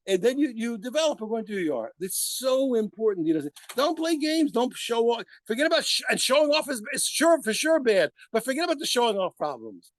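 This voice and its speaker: A man teaching a lively Talmud class to students, talking emphatically and firing off rhetorical questions. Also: very high-pitched, brisk, few pauses, no echo.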